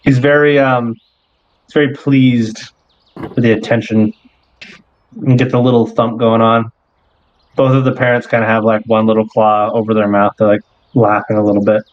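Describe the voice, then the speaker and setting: A man's voice: fairly low pitch, flat delivery, moderate pace, long pauses, dry recording, muffled recording. A man narrating a tabletop game as game master, loose and hesitant with many fillers.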